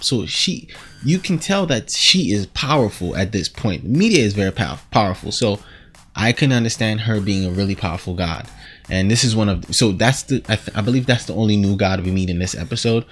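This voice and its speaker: A man giving a casual, animated TV episode recap, rambling and acting out quotes as he goes. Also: lowish voice, fairly quick. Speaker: show reviewer.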